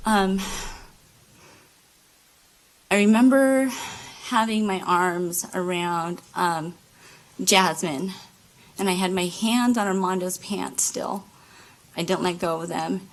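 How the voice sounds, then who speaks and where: A woman testifies from the witness stand in a courtroom, speaking slowly and haltingly. Her voice has a gravelly, creaky texture, and she often pauses on fillers and starts her sentences again. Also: fairly low pitch, steady tone, low-quality recording. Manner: halting, many fillers and restarts. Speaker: trial witness. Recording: courtroom microphone.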